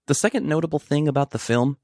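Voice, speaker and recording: A man giving scripted documentary narration in an informative, expressive manner. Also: on the high side, fast, no room sound, clean studio sound.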